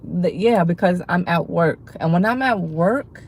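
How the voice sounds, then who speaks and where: A woman's voice: on the low side, lively intonation, a little slow, hardly any pauses, darkish tone, a little hiss or hum, low-quality recording. A woman hosting a livestream, chatting casually to her viewers in rambling talk full of fillers and restarts, and laughing easily. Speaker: livestream host.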